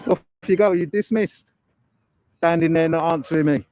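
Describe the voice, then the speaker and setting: A combative man with a fairly high voice, filming outdoors on a street. He turns questions back on people with sarcasm and waves them off dismissively. The sound comes from a handheld camera mic. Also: moderate pace, darkish tone, dry recording. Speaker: auditor filming a police building.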